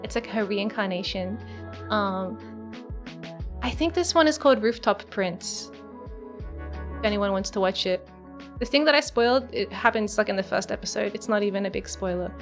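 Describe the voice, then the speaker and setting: A woman's voice: medium pitch, lively intonation, moderate pace, long pauses. A young woman streamer chatting casually and rambling through a story, with lots of fillers and giggles. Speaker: virtual streamer. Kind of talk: casual live-stream chat. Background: soft background music.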